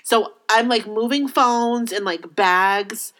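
A woman's voice: on the high side, slow, a bit bright. A woman co-hosting a casual chat, wry and supportive, chiming in and finishing her friend's sentences. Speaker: co-host.

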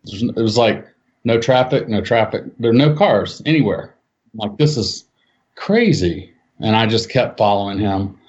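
A man telling a personal eyewitness story in casual speech, acting out what people said with his voice jumping up for the quotes. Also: moderate pace. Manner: animated, acts out quotes with raised pitch. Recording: dull lo-fi sound.

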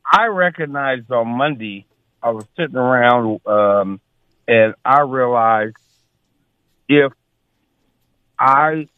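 A man in his sixties calling in to a radio talk show, halting and full of filler sounds. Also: medium pitch, clear, resonant tone, no echo. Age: 60s. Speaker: caller. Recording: tinny phone line.

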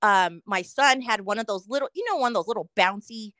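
A middle-aged woman co-hosting a casual podcast, telling a story with constant swearing and lively animation. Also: mid-range voice, brisk, no room sound. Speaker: podcast co-host.

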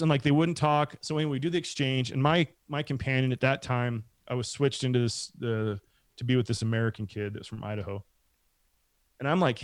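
A man's voice: medium pitch, brisk, clean tone, no room sound. Casual man telling a rambling story. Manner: rambling, animated, acts out quoted voices.

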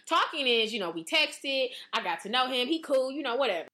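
A young woman talks on her podcast in loose, slangy chat, acting out the reactions she would have. Her voice is bright and swings widely up and down in pitch. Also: brisk. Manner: animated, slangy, acts out quoted reactions. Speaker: podcast co-host. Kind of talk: casual chat.

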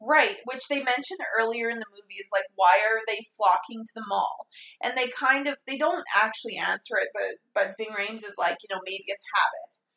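This podcast co-host has a fairly high, gravelly voice and talks briskly. Recapping a movie in a room with noticeable echo, she laughs a lot and re-enacts scenes, quoting lines in different voices.

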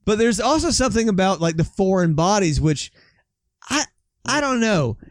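A man hosts a casual podcast with a voice that sits fairly high for a man. He talks loosely, swears freely and laughs often. The sound is dry and close, with no room around it. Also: big pitch swings, moderate pace, no room sound. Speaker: podcast host. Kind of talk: casual chat, reading out quotes.

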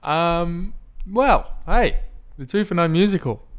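A man's voice: on the high side, expressive, slow. A man, co-hosting a podcast in a laid-back, agreeable way. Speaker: podcast co-host. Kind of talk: casual chat.

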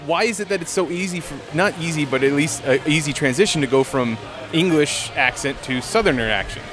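A man's voice: a little high, a little fast, music in the background. A man chatting casually, asking curious questions. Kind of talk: casual chat.

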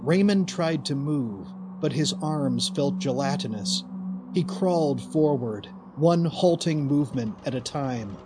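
A man narrating a horror story in a slow, deliberate, dramatic way. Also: medium pitch, lively intonation, noisy background.

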